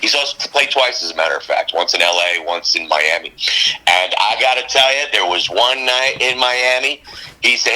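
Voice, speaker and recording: A man from New Jersey, a band's drummer, telling stories in a casual interview, acting out quotes with big jumps in pitch. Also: lively intonation, moderate pace, bright, forceful tone, low-quality recording. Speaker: band drummer, guest.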